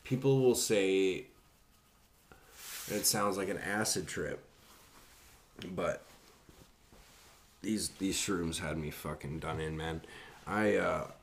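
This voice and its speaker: Young man, very low voice, casual anecdote, swears a lot, rambling. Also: slow, pauses often, a little hiss or hum. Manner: profane, rambling storytelling.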